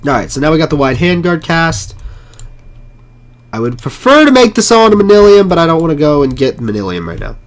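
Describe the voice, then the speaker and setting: A hoarse man with a sore, rough throat, muttering casual commentary while he plays a game live. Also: on the high side, big pitch swings, fairly quick. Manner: mutters to himself while playing, frequent swearing. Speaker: game streamer.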